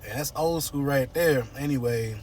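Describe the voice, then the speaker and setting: A man's voice: medium pitch, normal speed, a little mellow, far from the mic, slight background noise. A man casually recapping a soap opera episode, playfully acting out the characters' lines and joking.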